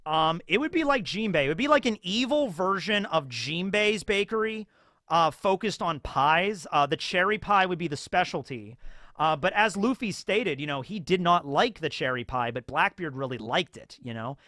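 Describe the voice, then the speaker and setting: A man hosting casual, rambling anime commentary in an animated way with many fillers. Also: sits high, moderate pace, no room sound, studio quality.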